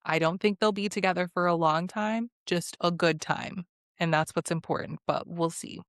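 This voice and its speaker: Young woman host, casual sarcastic recap, frequent laughs, lowish voice, dry mic. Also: moderate pace, no room sound. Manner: chatty and sarcastic, laughs often. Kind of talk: casual reality TV recap vlog.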